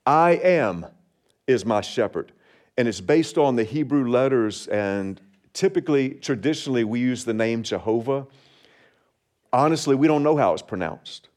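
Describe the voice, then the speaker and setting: A man preaching a sermon as pastor, measured and deliberate, slowing down on key phrases and leading the congregation in reading along. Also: mid-range voice, lively intonation, a little mellow. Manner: leads congregation in responsive reading.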